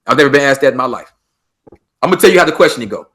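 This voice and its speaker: A man from Los Angeles with a Los Angeles accent, a podcast guest in casual interview talk, animated and acting out street dialogue. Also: mid-range voice, rapid-fire, slight background noise. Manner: animated, acts out street dialogue, swears freely.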